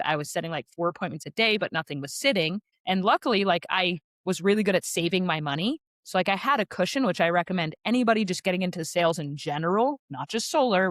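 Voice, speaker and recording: A woman in her thirties, a podcast guest telling her story in a casual, chatty way, full of "like" fillers and quick asides. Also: on the low side, fairly bright tone, no echo, clean studio sound. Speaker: podcast guest, sales rep.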